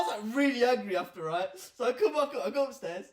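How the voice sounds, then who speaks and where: Lively man, swinging pitch. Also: fast talker, very noisy. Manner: animated storytelling, swears, laughs often. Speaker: podcast co-host. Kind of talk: casual sibling chat.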